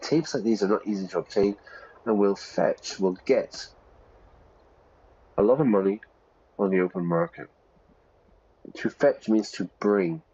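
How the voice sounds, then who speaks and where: Male streamer-teacher, low voice, chatty check-ins, slightly muffled lo-fi recording. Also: measured pace, pauses often, warm tone, breathy edge. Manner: chatty, checks in with frequent "yeah?". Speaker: English teacher streaming a game. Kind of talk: casual teaching while gaming.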